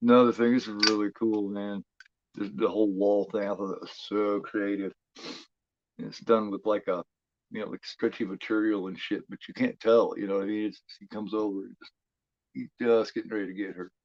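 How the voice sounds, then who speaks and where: Low-voiced man rambling through live commentary. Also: flat delivery, brisk, no room sound, dull audio. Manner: rambling, profane, many fillers. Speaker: streamer hosting a horror watch-along.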